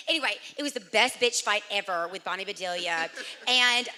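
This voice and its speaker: A woman's voice: medium pitch, fairly quick, few pauses, bright, forceful tone. A woman on a festival panel stage, telling a chatty, rambling story with a lot of "y'all". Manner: bubbly, rambling, uses y'all. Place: theater stage.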